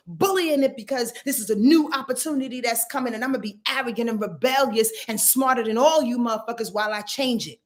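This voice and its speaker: A woman astrologer giving a weekly forecast in an emphatic, preachy way, swearing freely and asking her listeners if they follow. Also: fairly high pitch.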